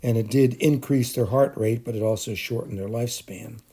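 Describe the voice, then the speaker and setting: A middle-aged male teacher talks through a chemistry screencast in a warm, mellow voice. He speaks off the cuff, with frequent ums and self-corrections. His pitch sits in an ordinary middle range for a man. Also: normal speed, husky. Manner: unscripted, many fillers and restarts. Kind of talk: recorded lecture screencast.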